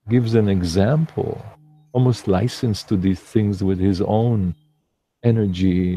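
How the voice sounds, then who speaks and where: Brief: male meditation teacher, dark gravelly low voice, slow and pausing. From lives in New York City. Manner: slow, reflective, with many pauses and restarts. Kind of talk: livestream talk.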